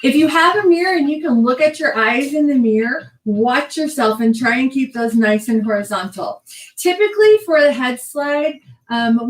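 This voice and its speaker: A woman's voice: high voice, reverberant, far from the mic, poor audio. A woman teaching a belly dance class, counting the moves aloud with chatty asides. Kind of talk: online dance class instruction.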